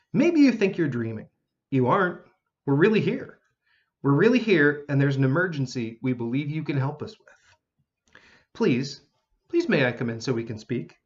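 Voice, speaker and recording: A man voicing a small male elf with a slightly squeaky, sing-songy voice, talking in an earnest, urgent way in a storybook reading. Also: dull audio. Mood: pleading.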